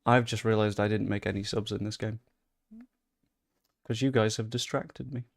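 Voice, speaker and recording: Gravelly young man commentating gameplay. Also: fairly low pitch, normal speed. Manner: chatty, swearing, excitable bursts. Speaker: gaming streamer.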